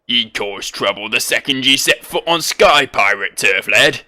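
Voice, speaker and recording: A man's voice: medium pitch, expressive, a little slow, pushed and bright. A man growling as a stern blustering sky pirate. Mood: threatening. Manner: old-timey pirate talk, growling threats. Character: gruff middle-aged male sky pirate, blustering and stern. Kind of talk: reading game dialogue aloud in voices.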